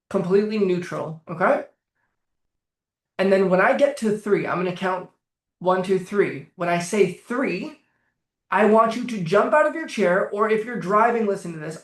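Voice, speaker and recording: A man speaking as a coach in a casual, energetic way, swearing freely as he leads listeners through guided exercises. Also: high-pitched, reverberant. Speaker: trauma coach.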